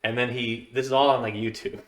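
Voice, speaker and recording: A man's voice: mid-range voice, flat delivery, a little fast, background noise. A man hosting a podcast in casual chat, meandering through a news story in a laid-back way. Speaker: podcast host.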